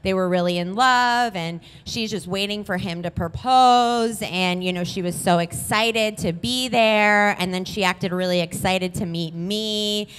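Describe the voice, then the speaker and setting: A woman's voice: medium pitch, a little slow, few pauses, a bit bright, clean tone, in a large hall. A woman telling a true-sounding personal story on stage, chatty and candid, swearing freely. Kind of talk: live comedic storytelling.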